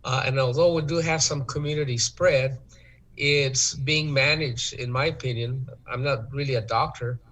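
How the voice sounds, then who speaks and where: A man answering interview questions in a measured, hesitant way, with many ums and uhs. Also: medium pitch, steady tone, a bit bright, low-quality recording. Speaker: interview guest, tourism official. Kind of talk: talk-show interview.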